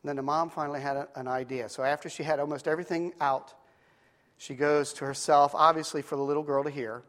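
A man's voice: a little high, steady tone, fast talker, a bit bright. A man preacher telling a story in a sermon, conversational, stretching out key phrases for emphasis, in a church. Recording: long hall reverb.

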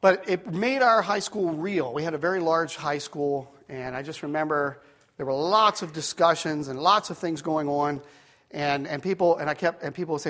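A man's voice: fairly high pitch, moderate pace. A middle-aged man preaching, telling a personal story with many asides and restarts. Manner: rambling storyteller, drops to quiet tones for serious moments.

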